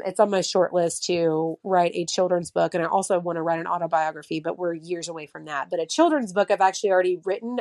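A woman's voice: lowish voice, a little mellow, no room sound, clean studio sound. A woman in her thirties in casual podcast chat, telling stories with many fillers and acting out what others said. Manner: chatty storyteller, many fillers, acts out quotes. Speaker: mother of a child with a heart condition.

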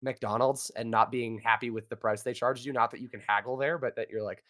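A man co-hosting a casual podcast chat, animated and quick, often acting out silly voices. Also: mid-range voice. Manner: animated, fast-talking, acts out silly voices. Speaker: podcast co-host.

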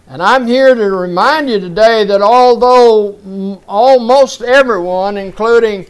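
Male pastor, sermon delivery, unhurried and emphatic, clean high tenor that swells into shouts at the big moments. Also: clean tone. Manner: slow, emphatic preaching that rises and shouts at climaxes, with chuckles. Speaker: preacher.

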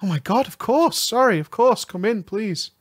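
Gushing young romance heroine, higher and brighter, read by a man; amateur storybook reading. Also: expressive, normal speed, no room sound, clean studio sound. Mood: excited. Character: excited young woman in a romance novel.

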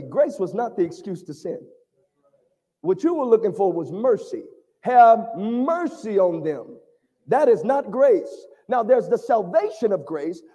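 High-voiced impassioned male preacher. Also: warm tone, husky. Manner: impassioned, call-and-response with the congregation. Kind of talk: sermon. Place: church sanctuary. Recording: long reverb of a large hall.

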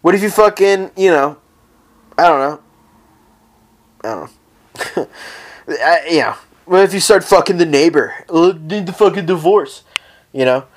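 Brief: profane, rambling solo podcast host, slightly high-pitched man. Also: animated, unhurried, pauses often. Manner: profane, rambling, comic ranting. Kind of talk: casual solo podcast rant. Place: at home, lying down.

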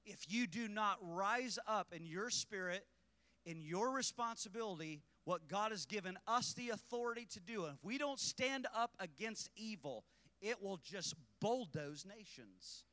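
A man preaching a fiery sermon to a congregation, blunt and mocking, building to impassioned, shouted emphasis. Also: sits high, lively intonation, unhurried. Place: church service.

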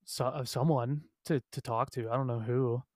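A young man hosting a casual podcast who rambles through his points, full of fillers and quick laughs. His voice sits at a middle pitch, and the recording is dry and close. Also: fairly even intonation, no room sound. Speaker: podcast host. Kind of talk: casual chat.

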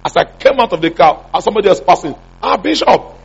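A man's voice: high voice, lively intonation, very fast, breathy edge. A man preaching a sermon as a pastor, often asking the congregation whether he is making sense. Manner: call-and-response preaching, repeated questions to the congregation. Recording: muffled lo-fi sound.

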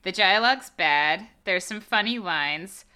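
Bright-voiced chatty woman. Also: mid-range voice, lively intonation, measured pace, clean tone. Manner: chatty, sarcastic, laughs often. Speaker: podcast co-host. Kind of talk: casual movie review chat.

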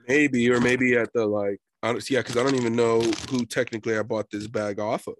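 A young adult man in casual chat, laughing often and telling stories with lively quoted voices. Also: mid-range voice, fairly quick, slight background noise.

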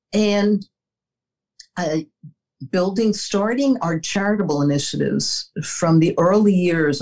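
A woman's voice: on the low side, a little mellow, rough recording. An older woman answering interview questions, telling personal stories in an earnest way, with small laughs and restarts. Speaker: interview guest, former executive.

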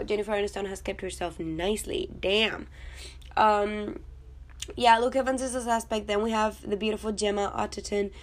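A woman's voice: mid-range voice, a little mellow. A woman vlogger talking casually about a film, chatty and blunt, with swearing and rambling asides. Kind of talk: casual chat.

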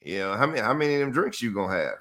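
A man hosting a casual sports talk show, emphatic and animated, repeating phrases for effect. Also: medium pitch, very fast.

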